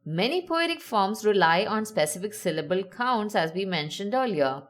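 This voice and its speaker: A woman narrating a scripted lesson, slowly sounding out example words with clear enunciation. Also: medium pitch, sing-song. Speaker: teacher.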